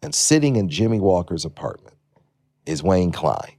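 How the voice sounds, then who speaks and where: Gravelly man in his 60s telling stories. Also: sits low, normal speed, no echo, studio quality. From Detroit. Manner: animated anecdotes, acting out voices. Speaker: guest. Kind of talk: storytelling interview.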